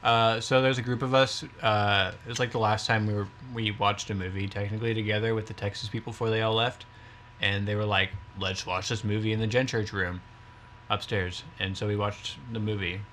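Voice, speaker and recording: An easygoing man chats on a casual podcast. His voice sits slightly low and comfortable. He rambles through stories freely. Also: flat delivery, brisk, a bit bright, slight background noise. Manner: easygoing, chatty. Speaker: podcast co-host. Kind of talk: casual chat.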